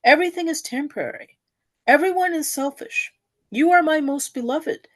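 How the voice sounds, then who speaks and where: Weeping man pleading with God, read by a woman: high, tearful, drawn-out calls. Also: close to an everyday voice.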